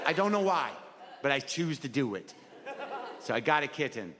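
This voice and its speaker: Self-deprecating guy doing stand-up, swears a lot, rambles, echoey hall and a crowd laughing loud, noisy. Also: mid-range voice, sing-song, normal speed, long pauses. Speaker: stand-up comedian. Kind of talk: stand-up comedy set. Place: comedy stage before a live audience, seated.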